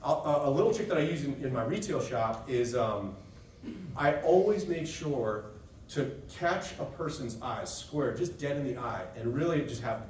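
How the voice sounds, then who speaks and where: A man's voice: medium pitch, animated, moderate pace, a little mellow, a little hiss or hum. A man giving a casual, conversational seminar talk to trade technicians, often checking in with "right?". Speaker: seminar presenter to dent repair technicians. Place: expo session room. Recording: echoey room, voice picked up from a distance.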